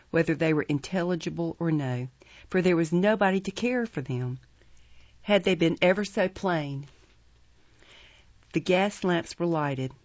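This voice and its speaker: A woman narrating a classic novel as an audiobook in a measured, steady storytelling manner. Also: fairly low pitch, dry recording. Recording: dry, dull muffled audio.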